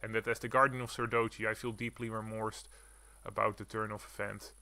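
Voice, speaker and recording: A man reading game dialogue aloud as a formal, courteous noble mouse creature who squeaks between stiff, old-fashioned lines. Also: level tone, fairly quick, pushed and bright, no echo. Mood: remorseful.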